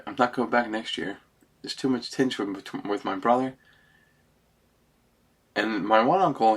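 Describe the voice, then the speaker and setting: A man's voice: medium pitch, slightly rough. A middle-aged man talking through a personal vlog monologue, rambling and emotional, close to tears and ending many sentences with "man.".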